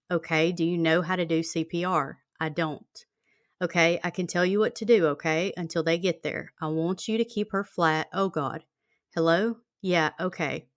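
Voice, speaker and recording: A true-crime podcast host reads out a call transcript in a plain, conversational manner full of fillers. Her voice is lowish, and the recording is dry with clean studio sound.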